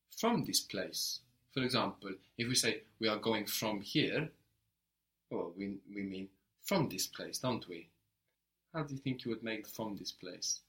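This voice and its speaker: Male language tutor, low voice, patient, asks questions and praises briefly. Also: fairly bright tone. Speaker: language teacher. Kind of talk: guided language lesson.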